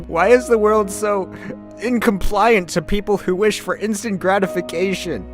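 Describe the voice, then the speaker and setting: A man's voice: high voice, huge pitch swings, unhurried, over music. A man hosting a comedy vlog, talking into a webcam in his bedroom with melodramatic, over-sincere delivery. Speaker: comedy vlogger. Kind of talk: mock-earnest sketch monologue.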